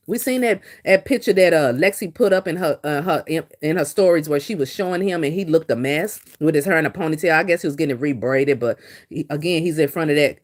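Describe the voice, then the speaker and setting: A middle-aged woman talks on a casual livestream. Her voice sits low, but it swings widely in pitch as she vents and greets viewers in the chat. She speaks into a computer or phone mic. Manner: animated, talks back to live comments. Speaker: livestream host.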